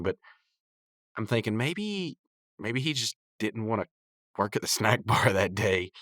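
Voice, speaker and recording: A man's voice: on the low side, lively intonation, a little slow, fairly bright tone, dry recording, studio quality. A man hosting a podcast, recapping a cartoon episode in a rambling, chatty way full of restarts. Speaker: podcast host.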